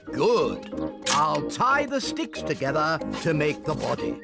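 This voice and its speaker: A woman's voice: low-pitched, very animated, slow pace, vocal fry, over loud music, full character voice. An actress playing a kindly, busy old cartoon pig grandmother who speaks encouragingly. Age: older.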